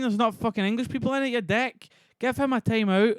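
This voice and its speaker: Sweary high-voiced male streamer. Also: brisk, smooth, no echo, studio quality. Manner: sweary, exasperated banter with chat. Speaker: streamer reading a play. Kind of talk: casual livestream reading.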